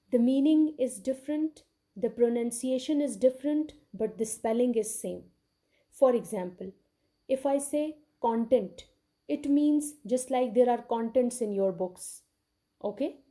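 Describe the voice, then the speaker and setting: In a recorded lecture on English literature, a woman explains things patiently, repeats important words and often says "okay" to check in. Her voice sits high and sounds mellow.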